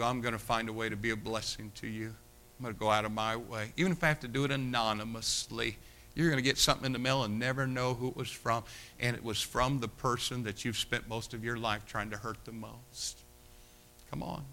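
A man preaching a sermon, swinging between loud, shouted stretches and quiet, hushed appeals. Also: mid-range voice, fairly even intonation, brisk.

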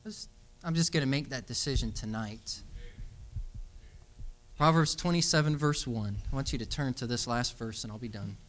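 A man's voice: mid-range voice, moderate pace. A young adult man preaching a sermon to young people, telling stories and then exhorting them emphatically. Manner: storytelling, animated, emphatic exhortation.

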